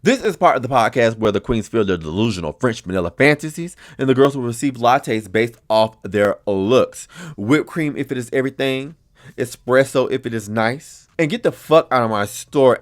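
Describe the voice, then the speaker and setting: Animated, blunt male podcast host. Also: medium pitch, normal speed. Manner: chatty, blunt and expressive, with frequent swearing. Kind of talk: casual reaction commentary.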